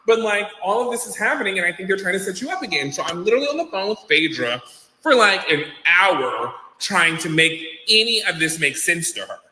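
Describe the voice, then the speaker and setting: Bright-voiced man telling a story, echoey. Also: high voice, animated, brisk. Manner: rambling, acts out quoted dialogue. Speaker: guest telling his story. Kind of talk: storytelling in a video clip. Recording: echoey room with long reverb.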